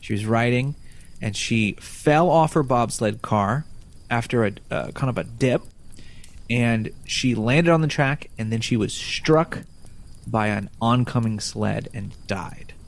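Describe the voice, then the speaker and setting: A man's voice: medium pitch, a little slow, gravelly. A man hosting a casual podcast, playful and jokey, telling a spooky story. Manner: playful, jokey, slips into silly voices. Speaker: podcast host.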